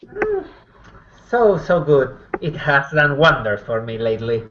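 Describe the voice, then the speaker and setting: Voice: medium pitch, huge pitch swings, unhurried, muffled recording, background noise. A player in a tabletop role-play game who speaks in character, stammers and makes wry remarks.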